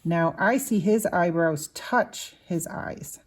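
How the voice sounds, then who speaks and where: Slow, patient woman teaching children to draw. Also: fairly low pitch. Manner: patient, explains each step while drawing. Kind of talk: slow drawing lesson for children.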